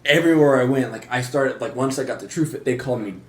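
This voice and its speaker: A man who works as a gym trainer talks in a relaxed, casual way. His mid-pitched voice has a roomy echo around it. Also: fast talker. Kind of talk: casual chat.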